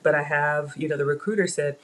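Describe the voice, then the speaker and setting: Middle-aged woman host, slightly low-pitched, talks casually to her stream audience while cooking at home. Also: fairly even intonation, fairly quick, noisy background. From Africa. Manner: chatty, addresses viewers as y'all. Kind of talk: live cooking stream chat. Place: home kitchen.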